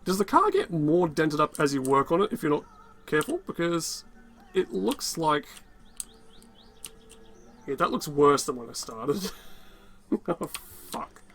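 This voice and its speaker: A man with a raspy, worn-out voice giving rambling, casual gameplay commentary, muttering to himself and swearing often. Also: a little high, very animated, a little slow, long pauses, fairly bright tone. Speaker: gaming channel host.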